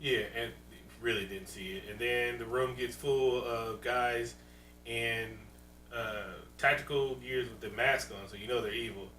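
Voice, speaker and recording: A man co-hosting a podcast in casual chat, animated and profane, cracking jokes, recorded in a roomy space from a distant mic with a faint hum. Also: medium pitch, unhurried. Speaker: podcast co-host.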